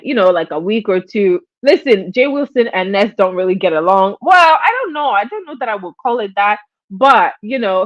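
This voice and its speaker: A woman hosting a live stream, telling gossip in a chatty, animated way and acting out quotes. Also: medium pitch, dry recording, highs cut off. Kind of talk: casual gossip commentary.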